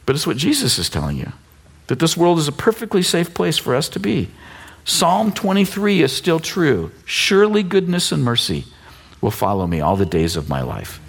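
Husky male pastor, fifties, lively sermon delivery with playful asides, slightly higher pitch. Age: 50s. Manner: animated, conversational, teasing asides.

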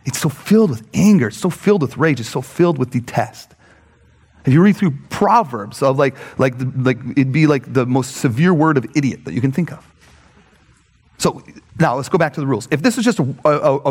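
Pastor type, male, lively casual sermon voice, a bit high, long hall reverb. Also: brisk, breathy edge. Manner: animated, filler-heavy, asks "right?" often. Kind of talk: conversational sermon.

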